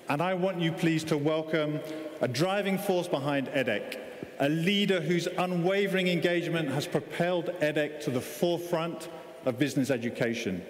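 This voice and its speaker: A man hosting a graduation ceremony, speaking to the audience in a rousing, deliberate way. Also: on the high side. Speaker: master of ceremonies. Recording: echoey hall with long reverb, faint crowd and noise.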